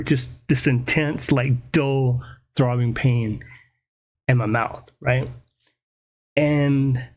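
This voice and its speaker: A man telling a personal story in a casual, animated way, swearing freely and often checking in with "right?". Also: mid-range voice. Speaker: podcast host.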